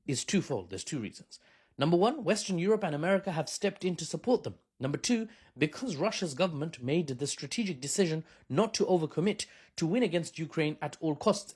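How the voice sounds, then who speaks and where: A man's voice: medium pitch, a little mellow, husky. Argumentative male commentator, conversational. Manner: conversational, argumentative, with frequent rhetorical asides. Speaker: political commentator. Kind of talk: opinionated commentary monologue.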